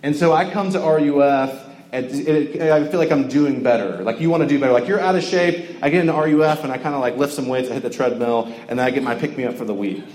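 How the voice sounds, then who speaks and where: A man's voice: mid-range voice, quick pace, darkish tone. A young man from Georgia preaching a casual sermon, conversational and joking, with lots of filler words. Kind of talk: casual sermon to a campus crowd. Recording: echoey hall with faint ambience.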